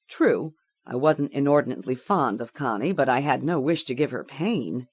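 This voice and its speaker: A woman reading a grim story aloud in a measured, deliberate way. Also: rumbling low, darkish tone, no room sound, highs cut off. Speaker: audiobook narrator. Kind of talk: scripted audiobook narration.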